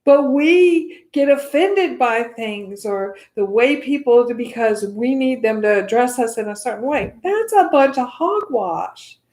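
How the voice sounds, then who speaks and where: A woman's voice: fairly high pitch, lively intonation, unhurried, few pauses, darkish tone, reverberant. A woman from the United States teaching meditation in a casual, chatty way, often checking in with "right?".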